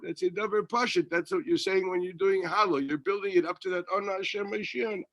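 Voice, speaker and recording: A rabbi teaches a Torah class in a fairly high, bright voice. He keeps it conversational, putting questions to himself and answering them. His talk mixes in Hebrew and Yiddish terms. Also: steady tone, fairly quick. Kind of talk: Torah lecture.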